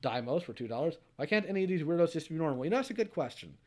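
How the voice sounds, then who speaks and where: A man's voice: fairly high pitch, animated, very fast. A young adult man hosting a livestream, reading donation messages aloud and answering each with a short, dry quip. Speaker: streamer host.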